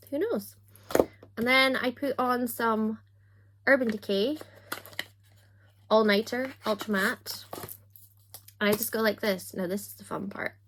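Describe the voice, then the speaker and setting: A woman's voice: on the high side, background noise. A young woman chatting casually on camera while doing her makeup, with a self-mocking, chatty manner and little asides. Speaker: book vlogger.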